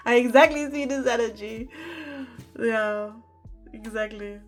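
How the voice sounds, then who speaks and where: A woman's voice: medium pitch, measured pace, soft background music. A woman giving a pick-a-card tarot reading, chatting and exclaiming over the cards as she reads them aloud. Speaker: tarot reader.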